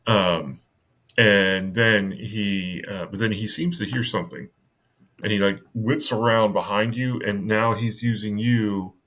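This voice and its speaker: A man narrating as game master of a tabletop game, halting and full of fillers. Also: fairly low pitch, a bit bright. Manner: halting, many fillers and restarts.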